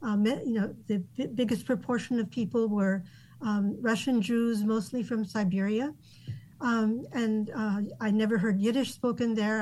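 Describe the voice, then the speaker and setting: A woman who grew up in Japan, a guest author answering interview questions thoughtfully, with many pauses and ums. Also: a little high, dark tone, rough recording.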